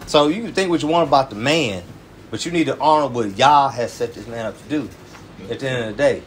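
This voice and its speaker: Speaking fast at a medium pitch, this church elder delivers a casual, emphatic sermon in colloquial style, tacking "man" onto many phrases. A faint hiss or hum sits in the recording.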